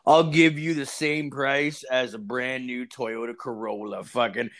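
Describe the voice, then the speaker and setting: A man's voice: medium pitch, measured pace. A man, swearing constantly as he tells rambling stories in a casual chat. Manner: profane, animated storytelling.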